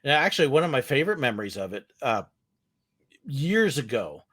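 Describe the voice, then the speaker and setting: A man from California telling relaxed stories over a video call, laughing often. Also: mid-range voice, brisk, slightly rough. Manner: easygoing storyteller, laughs often. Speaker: guest, former theme park ride skipper. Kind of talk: casual video call chat.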